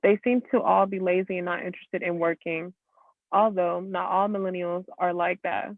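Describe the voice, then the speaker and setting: A high-pitched male student reads a passage aloud in class and trips over a few words before fixing them. His voice is gravelly, and it sounds thin and dry, as if heard through a phone. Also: fairly even intonation, moderate pace, no room sound, narrow, tinny audio. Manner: stumbles and corrects slips.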